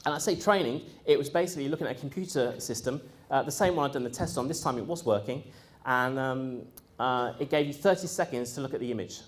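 A man telling a live audience his own story in a casual, animated way, often laughing, mimicking the people he quotes and filling gaps with ums and uhs. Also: mid-range voice, fast talker. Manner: frequent ums and uhs, conversational. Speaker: speaker recounting his experience.

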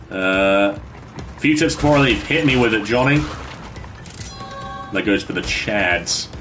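A man's voice: lowish voice, expressive, measured pace, long pauses, a bit bright, faint music behind. A man chatting casually with his viewers while streaming a game from his bedroom, laughing often and bantering with the chat.

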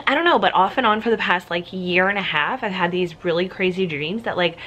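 A woman's voice: lowish voice, fairly quick, hardly any pauses, a bit bright. Chatty young woman vlogging at home. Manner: chatty, rambling, many "like"s. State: out of breath. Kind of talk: casual vlog chat. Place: her home, indoors. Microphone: handheld camera.

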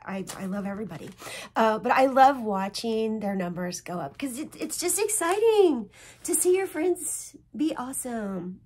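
A woman's voice: a little high, darkish tone, breathy edge. A middle-aged woman vlogging casually from home about cross-stitch, rambling and chatty, restarting and correcting herself often. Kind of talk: casual chat.

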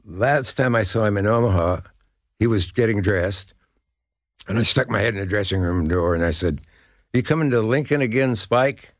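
A man in his eighties from Nebraska, a guest telling rambling anecdotes and pausing to hunt for names. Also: on the low side, no room sound, studio quality. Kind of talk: casual interview chat.

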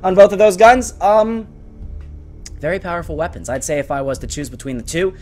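A gaming YouTuber giving live gameplay commentary, excitable and swinging between frustrated outbursts and low muttering. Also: male voice, a little fast, faint music behind.

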